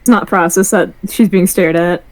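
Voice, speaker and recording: A woman's voice: fairly low pitch, steady tone, normal speed, darkish tone, low-quality recording. A woman playing a tabletop game, joking and laughing between lines. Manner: jokey and laughing. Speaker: player. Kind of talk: casual tabletop play.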